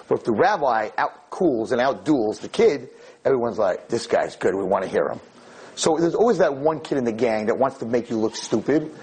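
A male rabbi giving a storytelling lecture, animated and acting out the voices in his tale. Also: medium pitch, slightly rough.

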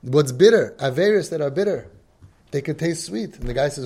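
A man with a slightly high voice giving an emphatic religious lecture. He coaches parents and slips into the voices of the people he quotes. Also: expressive, a little fast, mellow, slightly rough.

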